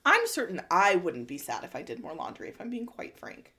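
A woman's voice: lowish voice, huge pitch swings, fairly quick, bright, forceful tone. A woman co-hosting a podcast in casual chat, affirming her partner with playful asides. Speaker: podcast co-host.

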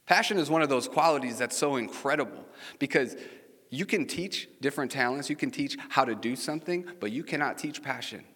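A pastor preaches to his congregation in a church sanctuary, his mid-range voice a little fast, a bit bright and slightly rough. His sermon is chatty and story-driven, with questions directed at the audience, and the big hall gives it a long reverb.

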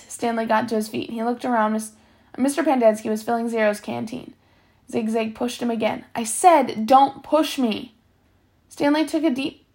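A woman reading a novel aloud, steady, sometimes stumbling and correcting herself. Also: on the high side, vocal fry. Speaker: reader.

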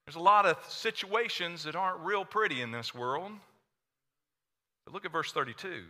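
A man with an Oklahoma accent preaching a sermon to a church congregation, energetic and playful, quizzing the crowd. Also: fairly high pitch, normal speed. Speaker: pastor. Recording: long hall reverb.

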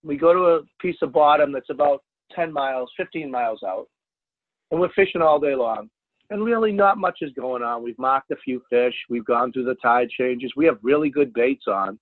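A man, a fishing charter captain, telling a story in a casual interview, animated and loud at the high points. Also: normal speed, no room sound. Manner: animated, jumps to loud exclaims when retelling. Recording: dry tinny phone line.

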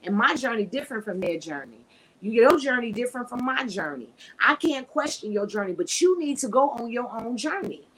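A woman hosting a casual live podcast, talking frankly and preachily, her voice swinging between loud and soft. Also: a little high, lively intonation, fairly quick, poor audio. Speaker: podcast host.

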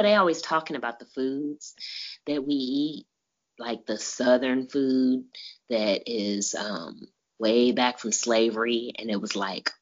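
Deep-voiced woman host ranting in casual chat, laughs a lot, kinda muffled audio. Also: slightly rough. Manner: emphatic and exasperated, laughs often. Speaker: podcast host.

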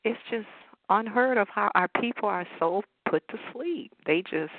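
Excitable woman caller on a phone line. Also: medium pitch, normal speed, no room sound. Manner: excitable, effusive, lively. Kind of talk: call-in talk.

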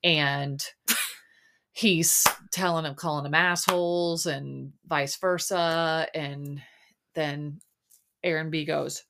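Low-voiced chatty woman host. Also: steady tone, takes it slowly, vocal fry, a bit bright. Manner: chatty, rambling, lots of fillers. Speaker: podcast host. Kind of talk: casual chat recapping a reality show.

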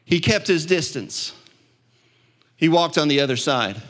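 A man preaching a sermon as pastor, building to impassioned peaks and dropping to quiet, low stretches. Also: animated, a little slow. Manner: impassioned preaching, swelling louder and higher at peaks.

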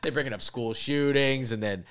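A young man casually telling rowdy travel stories on a podcast, swearing a lot and loudly acting out the people in them. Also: mid-range voice, normal speed, clean tone. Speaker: podcast guest. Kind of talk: casual storytelling.

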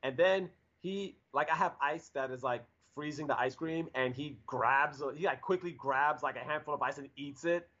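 A man's voice: fairly high pitch, normal speed, hardly any pauses. Guy in his 40s rambling through a story, lots of um and like, kinda muffled audio. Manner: rambling, animated, lots of fillers and restarts. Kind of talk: casual storytelling chat. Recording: dull lo-fi audio.

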